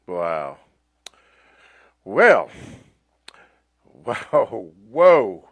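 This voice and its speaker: A man's voice: medium pitch, normal speed, no echo. A man co-hosting a live radio talk show, backing up his guest with short affirmations and chuckles, then reading the show's welcome.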